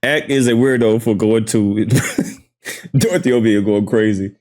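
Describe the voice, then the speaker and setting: A man's voice: fairly low pitch, steady tone, unhurried, a little mellow. A man reacting to clips with casual, dismissive commentary, amused and blunt. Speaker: commentary host.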